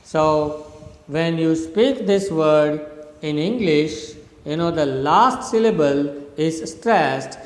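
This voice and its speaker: A middle-aged man from India lectures very slowly and deliberately, repeating and spelling out words for his students. His voice sits a little high for a man. The room rings with a long, echoing reverb. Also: lively intonation. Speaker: English literature professor. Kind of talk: recorded lecture.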